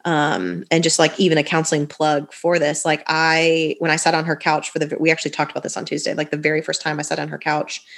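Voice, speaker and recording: A woman's voice: deep voice, flat delivery, fast, creaky, few pauses, a bit bright. A woman in her thirties sharing her personal story in a conversation, candid and rambling, with many fillers and restarts. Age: 30s.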